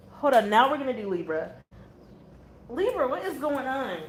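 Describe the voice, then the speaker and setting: A woman's voice: high-pitched, very animated, normal speed, long pauses, a little hiss or hum. Chatty woman reading tarot cards. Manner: chatty, blunt, exasperated asides. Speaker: tarot reader.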